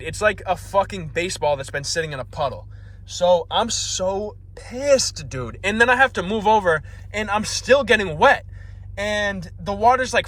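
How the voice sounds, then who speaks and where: A man's voice: high voice, a bit bright. Profane young man ranting. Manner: profane, exasperated, self-mocking. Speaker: vlogger. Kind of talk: comedic ranting storytelling.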